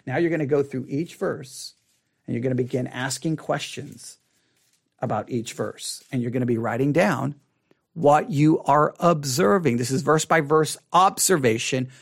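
A man teaching a Bible study method in a casual, animated way, often restarting phrases and acting out a reader's reactions. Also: mid-range voice, normal speed, creaky.

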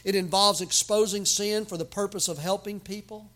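A man preaching a sermon as pastor, emphatic, with sudden loud outbursts and folksy humor. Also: high voice, fairly even intonation, normal speed.

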